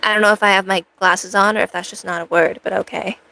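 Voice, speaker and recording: Rambling, playful woman streamer with vocal fry. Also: medium pitch, fairly even intonation, fast, sharp tone, low-quality recording. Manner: rambling, playful, self-mocking asides. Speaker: cosplay streamer. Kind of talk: casual live-stream chat with viewers.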